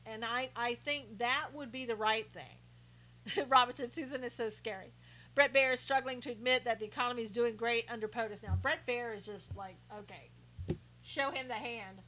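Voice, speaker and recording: A woman's voice: fairly high pitch, moderate pace, sharp tone, rough recording. A woman hosting a live stream, chatting casually and sarcastically as she reads out viewer comments, often laughing.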